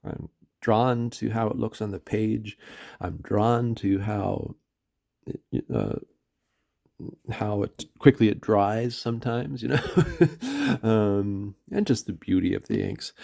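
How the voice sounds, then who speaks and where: A Canadian man talks through an ink review in a loose, meandering way, stopping often with "um" and correcting himself. His voice sits a little low and carries a gravelly, creaky edge. He sounds unhurried and chatty. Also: dark tone. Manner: rambling, hesitant, many fillers and self-corrections. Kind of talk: casual vlog review.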